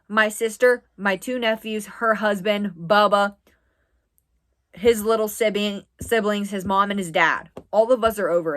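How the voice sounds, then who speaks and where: A young woman from the US East Coast tells a story from her own life to camera. She talks casually and rambles, filling her sentences with "like" and breaking off into quick asides. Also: mid-range voice, fairly bright tone. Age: 20s. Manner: chatty, rambling with frequent "like". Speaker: vlogger.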